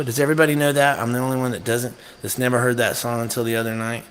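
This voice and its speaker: A man's voice: mid-range voice, rapid-fire, hardly any pauses, slight background noise. Rambling, joking man streaming live. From North Carolina. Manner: rambling, jokey, animated storytelling. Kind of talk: casual chat on a live stream.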